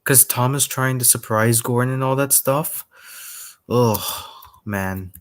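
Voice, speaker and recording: A man's voice: medium pitch, takes it slowly. A young man co-hosting a stream, mostly giving brief, agreeing replies in casual chat.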